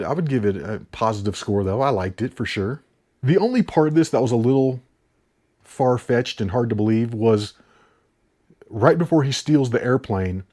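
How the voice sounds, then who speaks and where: A man's voice: lowish voice, a little mellow. A man casually chatting to camera about movies he watched and discs he bought, rambling with frequent restarts. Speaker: video host reviewing his disc purchases. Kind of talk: casual chat.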